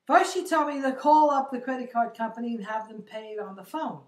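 A woman's voice: a little high, expressive, a little fast. Chatty older woman, roomy distant sound. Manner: chatty, exasperated, quotes others in her retelling. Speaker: vlogger. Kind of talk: casual storytelling monologue. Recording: roomy echo, distant from the mic.

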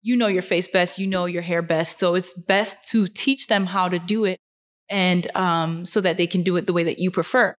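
Sitting indoors on her couch, a young fashion model speaks to camera at normal speed in a casual, earnest, animated way. She relies on many fillers, and her pitch rises sharply on points of emphasis.

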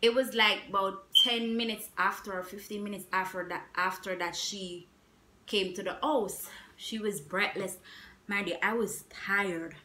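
A young woman vlogger telling a story in a casual, animated way, repeating herself with emphatic asides. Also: mid-range voice, measured pace, background noise. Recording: echoey room.

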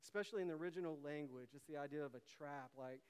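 Pastor, male, high and resonant, animated sermon delivery, reverberant sanctuary. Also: racing, clear, resonant tone. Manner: animated, acts out quotes with big swings in volume. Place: church sanctuary.

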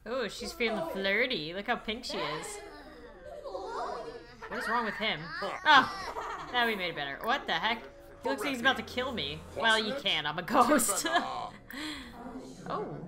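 A woman's voice: on the high side, very animated, crowd noise. A young woman narrating a life-sim game as a Let's Play host, playfully voicing her characters. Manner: playful, voices her characters in quick asides. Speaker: gaming YouTuber.

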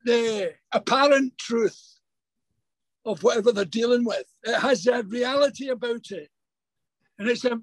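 High-voiced older man, dry sound. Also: dry recording, poor audio. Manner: halting, repeats words, animated anecdotes. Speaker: actor guest. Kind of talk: remote interview, casual storytelling. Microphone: video call.

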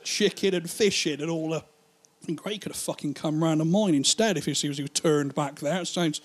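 A man's voice: on the high side, a little fast. A man doing a stand-up routine, rambling and swearing as he acts out the people in his stories. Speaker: stand-up comedian.

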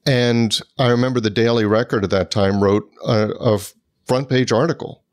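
A man co-hosting a podcast, a lawyer speaking in a measured, reflective way. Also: mid-range voice, fairly even intonation. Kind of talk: casual conversation.

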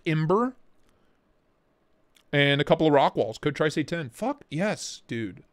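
A man hosting a casual livestream, talking in an excitable, slangy way and swearing freely. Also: sits high. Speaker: livestream host.

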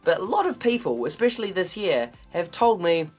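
A man's voice: sits high, sing-song, a little fast, soft background music. A young man from New Zealand with a mixed New Zealand accent, hosting a comedic vlog with jokey, self-mocking asides. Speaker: video host.

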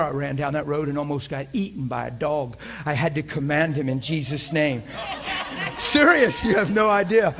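A middle-aged man preaching, telling a story with lots of laughter and animated energy. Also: a little high. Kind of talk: sermon storytelling.

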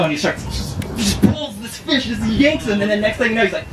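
A man with a fairly high voice tells his fishing story eagerly and in a rambling way, acting out what he and his partner said. He sounds far from the mic, and the outdoor weigh-in is roomy and noisy around him. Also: expressive, quick pace, few pauses. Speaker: tournament angler.

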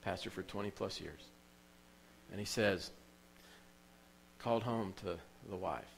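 A man's voice: sits low, measured pace, vocal fry, a little hiss or hum, rough recording. A man preaching a sermon in a church as pastor, telling stories with emotion and repeating phrases for emphasis.

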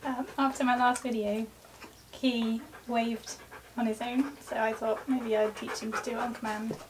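A woman's voice: fairly high pitch, flat delivery, normal speed. A woman in a casual how-to vlog, chatting to the viewer while giving her dog short commands and cheerful praise. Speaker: dog trainer. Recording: distant mic with clear background noise.

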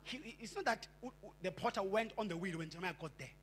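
A man's voice: high-pitched, quick pace, slight background noise. A male pastor with a Xhosa accent preaching a fervent sermon, repeating and stammering into his points and mixing English with isiXhosa. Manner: switches between English and isiXhosa. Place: church.

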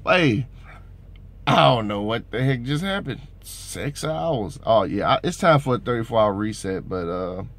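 A man's voice: on the low side, expressive, a little slow, a bit bright. Rambling motivational truck driver, man. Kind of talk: casual vlog monologue.

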